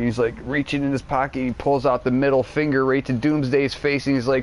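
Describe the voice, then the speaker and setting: Excitable, profane male game streamer. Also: medium pitch, a little fast, few pauses, slight background noise. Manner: profanity-laden, excitable storytelling, heavy slang. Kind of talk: rambling casual chat.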